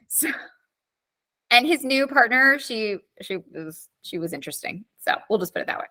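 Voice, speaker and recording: Bright-voiced chatty woman teacher. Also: on the high side, brisk. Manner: chatty, filler-heavy, animated storytelling. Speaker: government teacher. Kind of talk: casual live online class lesson.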